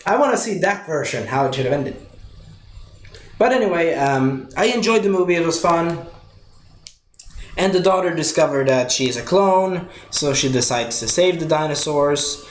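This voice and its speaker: A man's voice: on the high side, animated, moderate pace. A man casually reviewing a movie, rambling with many fillers and restarts. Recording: echoey room with faint noise.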